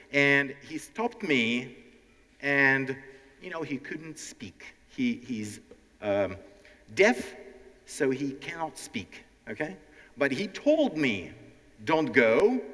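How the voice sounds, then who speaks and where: With a bright, forceful, mid-range voice, a man with a Ukrainian accent teaches and hosts a stand-up style language lesson. He addresses the live audience directly and acts out nervous learners, and the recording has hall reverb.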